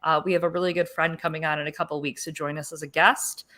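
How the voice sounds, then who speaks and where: A young woman with a slightly low voice, chatting on a live stream. She talks up her podcast in an upbeat, promotional manner. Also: flat delivery, fast talker, pushed and bright. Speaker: podcast co-host. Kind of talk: casual live-stream chat.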